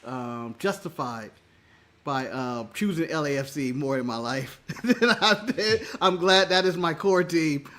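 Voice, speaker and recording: A male podcast co-host telling a story in casual chat, animated, laughing often and swearing freely. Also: fairly high pitch, unhurried.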